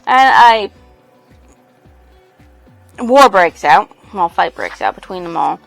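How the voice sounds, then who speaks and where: A woman's voice: medium pitch, animated, takes it slowly, vocal fry, fairly bright tone, no room sound, soft background music. A woman casually summarizing a book's plot as a book reviewer, rambling loosely with lots of fillers. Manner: rambling, full of fillers and "she's like".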